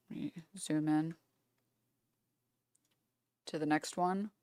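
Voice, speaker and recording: A woman's voice: low voice, fairly even intonation, slow pace, pauses often, smooth, no room sound. A woman live streamer in casual reaction mode, reading messages aloud in an offhand, stumbling way with blunt swearing asides.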